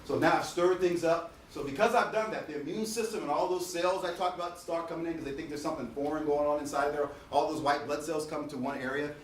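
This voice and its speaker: In an echoey lecture hall, a man delivers a lively, jokey dental lecture, acting out patients in a high, whiny voice to make his points. He talks fast with few pauses, his voice sounds distant, and there's a slight hiss or hum in the recording.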